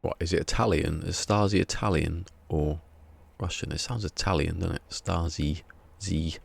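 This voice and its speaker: A man's voice: deep voice, moderate pace, creaky, slightly rough. A man chatting casually on a live game stream, rambling and wry, often muttering asides to himself.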